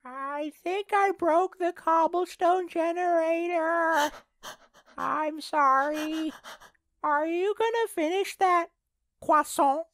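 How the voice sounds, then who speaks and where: A woman voicing a dim, cheerful cartoon boy who talks slowly. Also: extremely high pitch, fairly bright tone. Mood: dopey.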